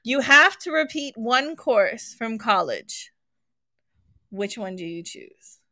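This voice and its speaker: Bright-voiced woman podcast co-host. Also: a little high, lively intonation, slow, no echo. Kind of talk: casual chat.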